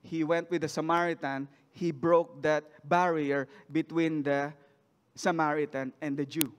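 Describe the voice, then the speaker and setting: Male preacher, high voice, reading scripture and questioning the church, long hall reverb. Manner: reads scripture then asks the congregation questions. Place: church sanctuary.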